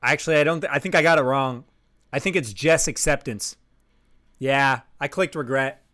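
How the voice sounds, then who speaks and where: A man streaming live while playing a trivia game, bursting into loud outbursts and swearing whenever he loses. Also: medium pitch, moderate pace. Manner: excitable, loud outbursts and swearing when losing.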